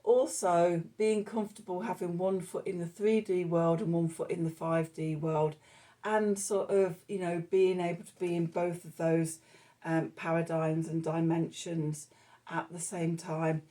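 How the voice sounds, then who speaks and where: Slow, mellow woman reading tarot. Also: on the low side, level tone. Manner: meandering and reflective, many fillers. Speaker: tarot reader.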